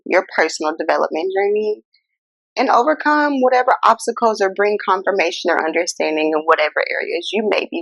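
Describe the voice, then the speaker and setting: A woman hosting a casual self-help talk. She speaks in an animated, incredulous way, addresses viewers as y'all, and. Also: medium pitch, dry recording. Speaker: host.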